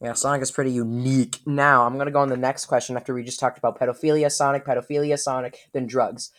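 A woman hosting a casual group chat, excitable and dramatic, laughing often. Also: a bass voice, quick pace. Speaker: podcast host asking questions.

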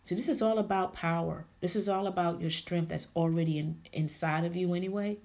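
A woman's voice: lowish voice, fairly even intonation, fairly quick, darkish tone. A woman hosting a podcast, giving an emphatic, preachy faith-based motivational talk and calling her listeners ladies and honey. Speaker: podcast host.

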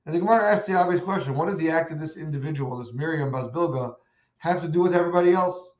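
A man's voice: a little high, fast. Man, Torah lesson, storytelling, rhetorical questions, roomy echo, muffled sound. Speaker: Torah teacher. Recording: echoey room, dull lo-fi sound.

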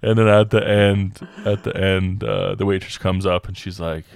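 Young male podcast co-host, lower voice, laughing storyteller with casual slang. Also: moderate pace, creaky, clean tone, no room sound, clean studio sound. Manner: animated, laughing retelling with slangy asides.

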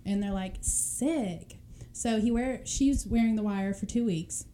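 A young woman tells a crime story in a loose, chatty way, slipping into quick voices for the people in it and laughing often. Her voice is dark and mellow in tone. A faint hiss sits under the recording. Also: mid-range voice, fairly even intonation. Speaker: podcast co-host telling a true crime story. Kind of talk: casual chat storytelling.

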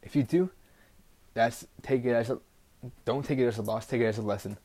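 A man's voice: mid-range voice, brisk, dark tone. A teenage boy hosting a casual solo podcast, rambling bluntly with constant "like" fillers and a frustrated edge. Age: teens. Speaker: podcast host.

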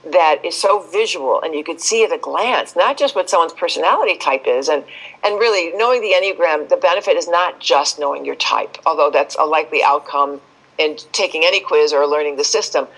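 A woman speaking as an expert guest in a podcast interview, telling stories with lively shifts and acting out quoted voices. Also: low voice, brisk, poor audio.

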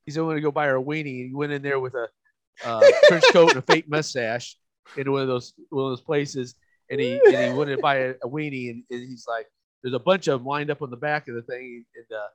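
A man's voice: medium pitch, big pitch swings, fast talker, no echo. A man telling a crude, rambling story in casual podcast chat, stammering and restarting as he goes.

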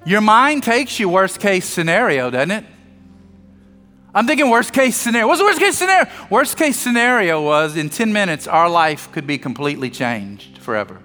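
A man's voice: high voice, sing-song, moderate pace, pushed and bright, in a large hall, soft background music. A man preaching a sermon as pastor, telling a family story with joking asides and acting out the dialogue.

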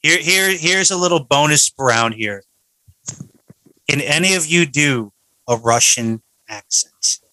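A man's voice: fairly high pitch, lively intonation, a little slow, sharp tone, no echo, low-quality recording. A man hosting a casual podcast chat, joking around and rambling with lots of fillers. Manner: jokey, rambling with many fillers. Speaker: podcast host. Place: home podcast studio.

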